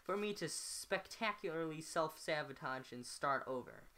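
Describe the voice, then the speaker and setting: A woman's voice: low-pitched, expressive, normal speed, fairly bright tone. A woman reading a novel aloud at home, often stumbling and correcting herself on words. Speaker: amateur reader.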